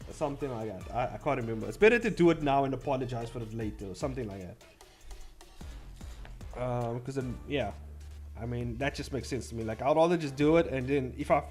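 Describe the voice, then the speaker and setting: A man's voice: medium pitch, a little mellow. A young man chatting casually on a livestream, rambling and blunt, swearing freely. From South Africa. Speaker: streamer.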